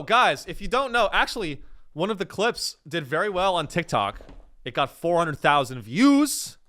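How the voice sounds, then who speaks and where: A man's voice: fairly high pitch, a bit bright, clear, resonant tone. A young man hosting a comedy podcast, rambling and riffing in a casual monologue, swearing and acting out voices as he goes. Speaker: podcast host.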